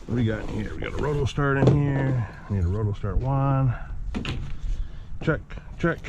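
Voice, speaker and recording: A man chatting casually to his viewers while packing his gear, jokey and easygoing. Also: mid-range voice. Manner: chatty, jokey, talks to viewers as guys and boys. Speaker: RC hobby vlogger. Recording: dull lo-fi audio with clear background noise.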